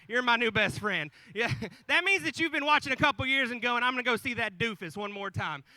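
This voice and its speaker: Bright high-voiced man joking on stage. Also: expressive, fairly quick, no room sound, poor audio. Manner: folksy, joking asides to the audience. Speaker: storyteller on stage. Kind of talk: comic live retelling of the nativity. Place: room with live audience.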